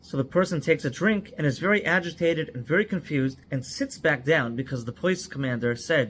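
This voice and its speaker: A man with a somewhat high voice tells a cautionary story in an earnest tone. He drives his point home with strings of short, stacked phrases. Faint background ambience sits under his voice. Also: brisk, few pauses, fairly bright tone, slight background noise. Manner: earnest, stacks words in lists. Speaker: psychological first aid trainer.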